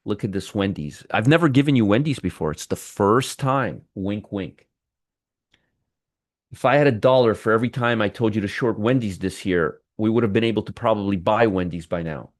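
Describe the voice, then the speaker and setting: A man's voice: fairly low pitch, normal speed, no room sound. Male trading host, dry close sound, teasing and wry, live commentary.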